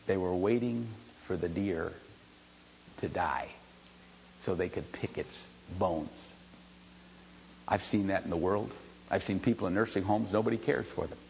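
A man's voice: vocal fry, a little hiss or hum. Man preaching in an echoing hall. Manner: swings from low, quiet storytelling to loud shouted preaching. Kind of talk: sermon. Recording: dull lo-fi sound with long hall reverb.

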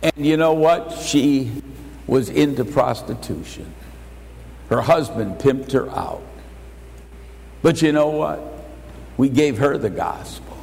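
A man's voice: mid-range voice, animated, gravelly, a little mellow, slight background noise. Older man preaching in a reverberant hall. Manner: emphatic preaching with rising, slowed lines. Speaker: pastor. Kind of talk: sermon.

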